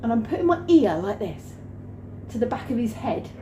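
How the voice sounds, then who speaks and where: A woman vlogger telling a story in a lively way, acting out the scenes. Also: on the high side, normal speed, a little hiss or hum. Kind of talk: animated storytelling vlog. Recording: roomy room with faint ambience.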